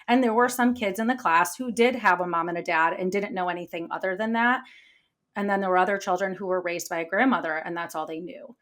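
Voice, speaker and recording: Woman co-host, former teacher, lower voice, talkative, over-explains. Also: fast, a bit bright. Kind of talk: casual podcast chat.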